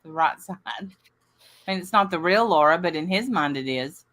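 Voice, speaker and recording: A woman co-host in casual chat, making wisecracks in a deadpan way. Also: low-pitched, moderate pace.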